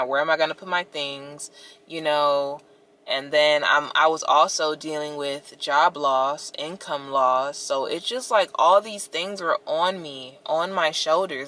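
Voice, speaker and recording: Bright-voiced young woman venting to viewers. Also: low voice. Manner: expressive, talks to viewers directly, many "like"s. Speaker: vlogger. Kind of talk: casual storytime vlog.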